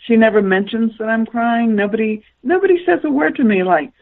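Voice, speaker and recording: A woman's voice: on the high side, brisk. A woman from the American South with a Southern accent, a guest telling a long, rambling personal story in a radio interview. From Southern United States. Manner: rambling, animated storytelling with laughs. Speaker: guest author. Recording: tinny phone line.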